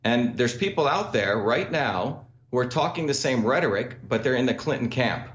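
A male radio guest making an insistent, emphatic case at a steady pitch. He comes through a remote link that sounds roomy and dull. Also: normal speed. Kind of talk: heated talk radio interview.

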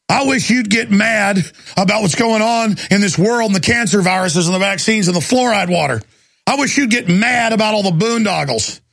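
A middle-aged man hosting a radio talk show, delivering an angry rant, shouting and pushing his voice up when worked up. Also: creaky, slightly rough. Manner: shouting and ranting, voice climbing high when angry.

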